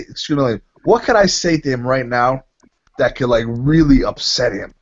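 A man in casual podcast chat, telling animated, profanity-laced stories. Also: medium pitch, moderate pace, highs cut off.

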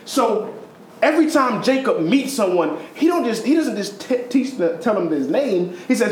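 A man preaching a sermon, retelling a story in a conversational way with sudden high, emphatic stretches and low, quiet ones. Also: very animated, normal speed, echoey room, slight background noise, rough recording.

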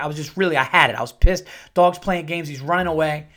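Animated, profane man telling a story. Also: quick pace, hardly any pauses. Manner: animated, acts out quotes with big jumps in pitch and loudness; profane and conversational. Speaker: podcast host. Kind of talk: casual storytelling monologue.

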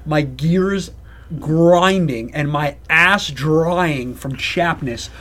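Animated young man ranting. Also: on the high side, very slow. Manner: animated, ranting, swears freely. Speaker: podcast co-host. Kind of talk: casual chat.

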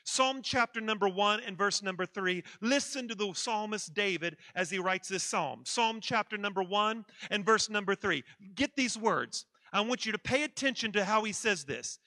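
A man's voice: high-pitched, lively intonation, normal speed, few pauses, sharp tone, no echo, studio quality. A man preaching a sermon, with emphatic delivery that repeats key phrases and leads the congregation in call-and-response. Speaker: pastor.

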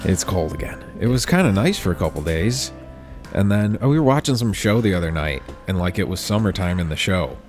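A man hosting a podcast and bantering casually with his co-host. He riffs dry, offhand jokes. His voice sits a little low. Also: lively intonation, a little fast, soft background music. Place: tavern where the podcast is recorded.

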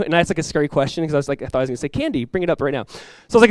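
A man in his thirties, a pastor preaching a sermon and telling a family story with lively, rising emphasis. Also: fairly high pitch, rapid-fire, dry recording. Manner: animated storytelling, rises loud when acting out his talks with his son.

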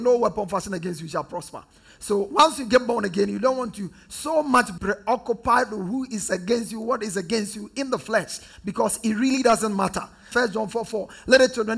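A man from Ghana preaching a sermon, leading the congregation in call-and-response and swinging from loud declarations to hushed repetition. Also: high-pitched, vocal fry, husky. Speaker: pastor.

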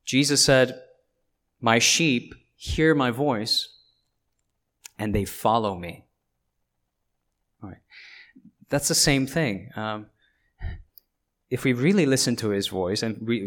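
A pastor with a mid-range voice and measured pace delivers a conversational sermon. He keeps checking in with listeners by asking "right?" and often restarts his phrases.

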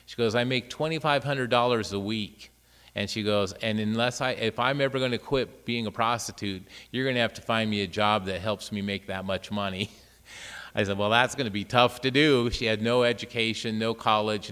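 A man's voice: fairly low pitch, normal speed, clear, resonant tone, in a large hall. A man in his late fifties, a priest, telling a personal story in a homily and acting out the voices of the people in it. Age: 50s. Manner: lively storyteller acting out both sides of dialogue.

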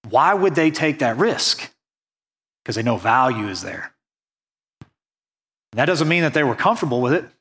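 A man from the United States preaching a sermon, earnest and conversational, slowing down to stress key points. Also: medium pitch, very animated, fairly bright tone. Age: adult, went on a mission trip after high school. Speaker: pastor.

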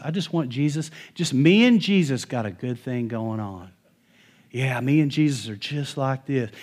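Animated, conversational male pastor preaching. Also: medium pitch. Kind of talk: sermon.

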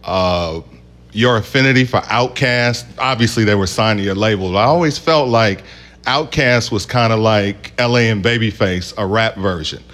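A man's voice: fairly low pitch, moderate pace, fairly bright tone. A man hosting a podcast interview, asking eager, chatty questions and laughing along. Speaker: podcast host, former radio personality. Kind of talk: conversational interview.

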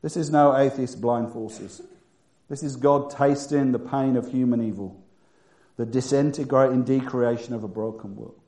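Man preaching with a dark, echoey tone. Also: mid-range voice, fairly even intonation, moderate pace. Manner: swings from loud emphatic bursts to hushed, quiet delivery. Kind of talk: sermon.

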